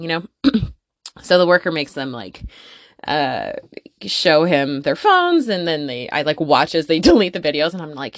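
A woman hosting a podcast from her closet, telling a story in a casual, profane, animated way and laughing often. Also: fairly low pitch, normal speed, no room sound, clean studio sound. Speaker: podcast host. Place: home closet.

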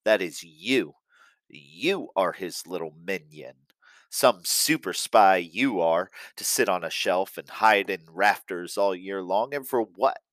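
A man's voice: low voice, animated, takes it slowly, fairly bright tone, no echo, exaggerated voice. A man doing a bitter, mocking rebel elf. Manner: snarling, mocking.

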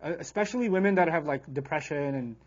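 A man teaching a Quran lecture in an animated, conversational way, reciting Arabic verses quickly between casual explanations. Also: a little high, lo-fi sound.

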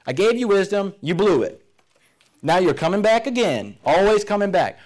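A man's voice: high-pitched, sing-song, normal speed, a little mellow, pitched above the performer's own voice. A man voicing an impatient, irritated god who scolds someone for asking again, with sarcastic, incredulous complaining. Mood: exasperated. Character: exasperated impatient god scolding a repeat asker.

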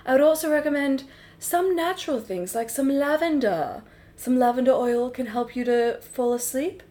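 A woman voicing a wise male gibbon in improvised comedy, giving slow, soothing advice. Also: high-pitched, warm tone, lightly acted. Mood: calm. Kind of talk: improvised comedy role-play.

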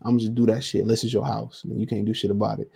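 A man's voice: on the low side, little pitch movement, fast talker, gravelly, dark tone, breathy edge. A man hosting a casual solo podcast, talking in a slangy, profane, rambling way and reading out listener comments. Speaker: podcast host.

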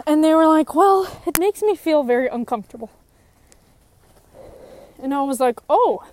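Young woman, high voice, candid personal testimony that turns heated when she is frustrated. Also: expressive, moderate pace, a little mellow, slight background noise. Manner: emotional and frank, voice rising when frustrated. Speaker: person in recovery sharing her story.

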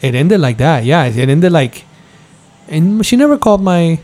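A middle-aged man with a slightly high but warm, dark voice hosts a casual podcast. He tells a story with heat and jumps into higher voices to mimic the people in it. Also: moderate pace. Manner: heated, animated storytelling, mimics others in a higher voice. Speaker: podcast host. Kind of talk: casual chat.

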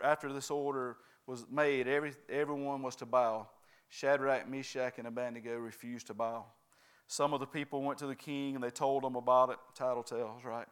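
A man's voice: medium pitch, a bit bright, clean tone. A man preaching a sermon, constantly checking in with his congregation by asking "right?" and "amen?".

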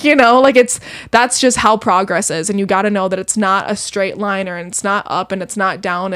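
A woman's voice: medium pitch, no echo, clean studio sound. A young woman talking as a podcast guest, earnest and emotional, rambling with many fillers. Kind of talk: casual chat.

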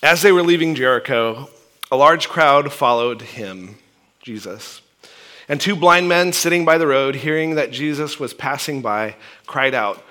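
A male pastor preaching a sermon in a conversational, animated way, often asking "right?" and restarting his phrases. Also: medium pitch, unhurried.

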